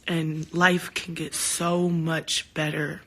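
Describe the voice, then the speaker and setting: Low, slow and husky, this woman's voice comes through a phone camera during a casual livestream with fans. She tells animated, heartfelt stories with quoted back-and-forth, cursing freely and speaking candidly.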